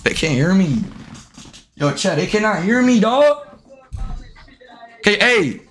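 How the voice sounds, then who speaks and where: A man's voice: sits high, sing-song, takes it slowly, a bit bright, slight background noise. A young man live streaming and video-chatting with strangers, brash and heavy on profanity, talking straight to his chat.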